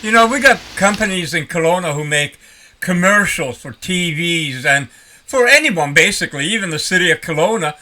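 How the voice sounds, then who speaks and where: A retired older man rambling in a folksy, animated way as he talks to his vlog audience. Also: sits high, moderate pace. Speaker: vlogger. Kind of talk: casual vlog talk.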